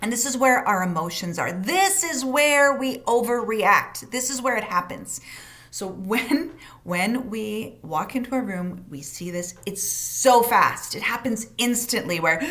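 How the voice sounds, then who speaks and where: A woman with a slightly high voice leads a parenting course session. She talks in an encouraging, expressive way, speeding up in quick bursts and leaning hard on key words. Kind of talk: recorded course session, teaching.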